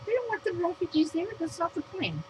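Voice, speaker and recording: A woman's voice: extremely high pitch, very animated, brisk, background noise. An American woman vlogger reading her own written rant aloud, blunt, profane and outspoken.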